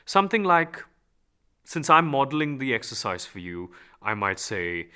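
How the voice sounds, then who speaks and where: A man teaching a calm, guided voice lesson, giving instructions and demonstrating practice lines aloud. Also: mid-range voice, moderate pace, clean tone. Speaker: voice and speech teacher.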